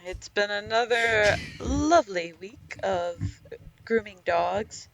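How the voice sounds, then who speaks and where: A woman's voice: mid-range voice, lively intonation, takes it slowly, creaky, low-quality recording. A woman co-hosting a podcast, chatting in a teasing, slangy way. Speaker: podcast co-host, dog groomer. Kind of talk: casual podcast chat.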